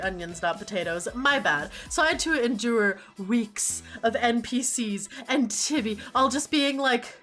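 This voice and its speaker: A woman's voice: a little high, fairly bright tone. A woman streamer chatting casually and animatedly, laughing often and swearing freely.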